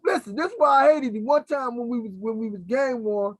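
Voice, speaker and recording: A middle-aged man from Philadelphia telling stories in a casual interview, animated and acting out the voices of people he quotes. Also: very high-pitched, brisk, dry recording, low-quality recording. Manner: animated, acts out quoted voices, keeps checking in with "right?". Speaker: interview guest. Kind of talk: casual storytelling.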